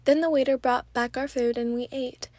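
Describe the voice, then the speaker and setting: Stuffy-nosed woman, soft high ASMR narration. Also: fairly even intonation, normal speed, no echo. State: stuffy nose; tired. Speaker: ASMR storyteller.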